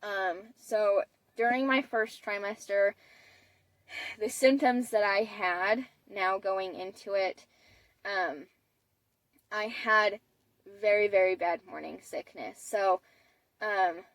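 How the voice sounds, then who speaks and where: A woman's voice: medium pitch, fairly even intonation, slow, pauses often, a bit bright, dry recording, rough recording. A woman of about twenty telling a personal story in a chatty way, with many fillers and restarts. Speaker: vlogger. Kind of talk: casual storytelling.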